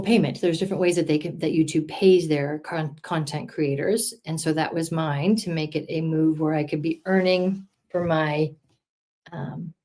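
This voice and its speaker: A middle-aged woman with a fairly low, slightly mellow voice colors during a casual crafting livestream. She chats with viewers and encourages them as she works.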